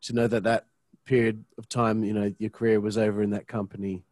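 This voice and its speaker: A man's voice: lowish voice, level tone, brisk, a little mellow, dry recording, clean studio sound. A man hosting a podcast, asking questions bluntly and swearing casually. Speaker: podcast host. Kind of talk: casual interview chat.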